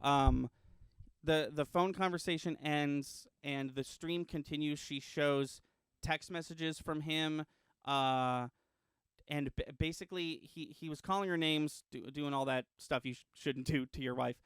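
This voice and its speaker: Chatty man telling a story, smooth voice. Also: on the high side, a little slow, no room sound, studio quality. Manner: animated storytelling, frequent ums and restarts. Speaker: podcast co-host. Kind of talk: casual podcast chat.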